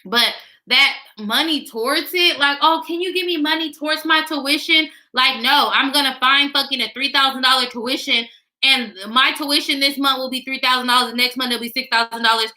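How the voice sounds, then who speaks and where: Young woman vlogger, high and very bright voice, blunt, swearing, exasperated casual talk to camera. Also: fairly even intonation, normal speed. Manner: frank, heavy swearing, exasperated ranting.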